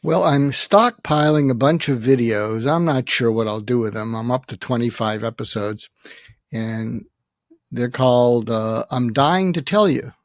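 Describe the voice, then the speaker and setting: A man in his seventies, a psychiatrist guest, talking earnestly and haltingly in a reflective interview, emotional as he faces his own death. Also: mid-range voice, dry recording, studio quality. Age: 70s. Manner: earnest, halting, many restarts and fillers.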